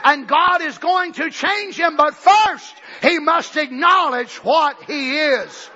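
A male preacher, shouting a fiery revival sermon to a church service and acting out the voices he quotes. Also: extremely high pitch, slow pace, slight background noise. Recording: dull lo-fi church tape.

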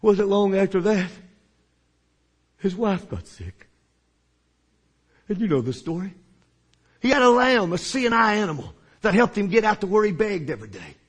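A male preacher telling a story in a sermon, dramatic and often shouting for emphasis. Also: high-pitched, very animated, normal speed, long pauses, husky.

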